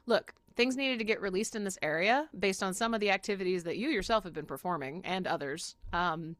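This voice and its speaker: A woman voicing a patient female earth spirit who answers with calm, teasing questions. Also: mid-range voice, a little fast, no echo, close to an everyday voice. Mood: wry.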